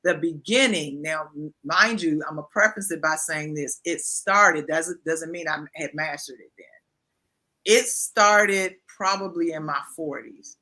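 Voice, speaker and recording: A woman in her fifties speaks as a pastor being interviewed, talking candidly and with strong emphasis. Her voice has a bright, forward tone. She often repeats phrases to drive a point home. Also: low voice, measured pace. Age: 50s.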